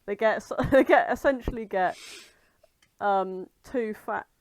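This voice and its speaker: A woman co-hosting a podcast, full of quick, giggly banter and the odd swear. She speaks at a middle pitch, and the sound is close and dry. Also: no room sound. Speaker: podcast co-host. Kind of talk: casual chat.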